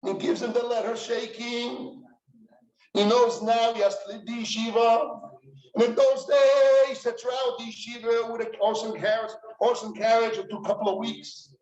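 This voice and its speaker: Yeshiva head, animated storytelling lecture, very high voice; dull sound. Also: male voice, moderate pace. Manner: animated, dramatic retelling. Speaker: rosh yeshiva. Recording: echoey room, dull sound.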